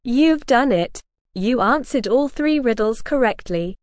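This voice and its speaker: A woman voicing a wise, dapper old male frog who keeps riddles, speaking in a formal, measured way. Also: on the high side, animated, darkish tone, dry recording, studio quality.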